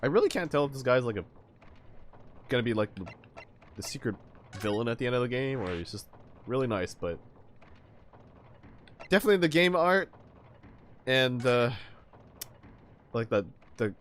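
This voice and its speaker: A man's voice: mid-range voice, lively intonation, moderate pace, pauses often, slight background noise. A male streamer reading game dialogue aloud and chatting in rambling, filler-heavy asides. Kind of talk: casual let's-play commentary and character reading.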